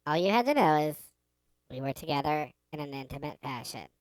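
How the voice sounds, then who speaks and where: A woman's voice: sits low, very animated, fairly quick, no echo, poor audio. A young woman co-hosting a podcast in casual chat, trying to tell a story, laughing often and getting exasperated at interruptions. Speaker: podcast co-host.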